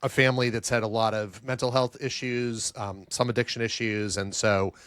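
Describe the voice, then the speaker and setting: A man's voice: medium pitch, flat delivery, moderate pace, a bit bright, clear, resonant tone, no room sound. A man from Boston hosting a podcast interview, asking enthusiastic, long-winded questions. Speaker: podcast host.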